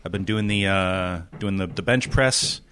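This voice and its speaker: A man co-hosting a podcast in casual chat, halting with many restarts and joking around. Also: low voice, fairly bright tone, a little hiss or hum. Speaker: podcast co-host.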